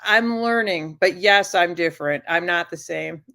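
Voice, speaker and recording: As a guest on a casual talk show, a shy woman speaks gently and haltingly, pausing often and restarting her phrases. Her manner stays soft and earnest, and her voice is fairly low and gravelly.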